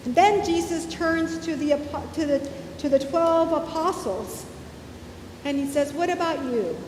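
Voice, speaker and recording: A woman's voice: unhurried, a little mellow. A woman pastor giving a sermon in a church sanctuary, retelling a scripture story conversationally and acting out the quoted lines. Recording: echoey church hall with faint rumble.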